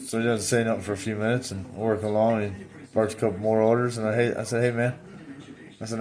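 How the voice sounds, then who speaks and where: A man's voice: fairly low pitch, fast talker. A man vlogging, telling a story in a blunt, plainspoken way and acting out his own replies. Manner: animated, reenacts his own replies with repeated "I said". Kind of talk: casual storytelling.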